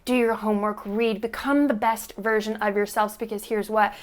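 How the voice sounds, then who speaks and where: An earnest young woman speaks straight to her viewers in a vlog. She rambles and restarts, sounding moved and close to tears, in a voice of ordinary middle pitch. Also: flat delivery, moderate pace, background noise. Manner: earnest, emotional, on the verge of tears. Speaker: YouTube creator. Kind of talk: heartfelt vlog thank-you speech.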